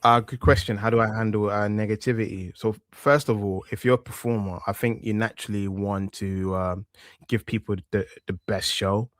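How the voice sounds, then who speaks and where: A man in his thirties with a thick East London accent guests on a podcast as a wrestling media presenter, chatting reflectively in a casual interview. His voice is fairly low at a moderate pace, relaxed, with many fillers and restarts, in a dry, clean studio recording.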